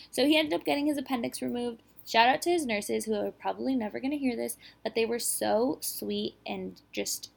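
A young woman in her twenties hosts a casual podcast, rambling through a personal story with lots of fillers and little laughs. Her voice sits a touch high and carries a gravelly fry at the ends of phrases. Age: 20s. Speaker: podcast host. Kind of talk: casual chat.

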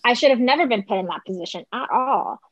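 A young woman telling a personal story in casual conversation, talking fast and filling her speech with "like". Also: on the high side, expressive, breathy edge, no room sound. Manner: chatty, heavy use of "like", quick quoted asides. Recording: slightly dull close dry recording.

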